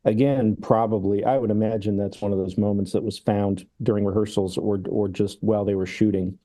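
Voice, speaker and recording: A man with a low, very dark and mellow voice talks through film scenes at an easy, musing pace. He speaks like a critic on a podcast, thinking aloud, and now and then slips into playful voices to retell a comedy sketch. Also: fairly even intonation, fairly quick. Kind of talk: casual film discussion.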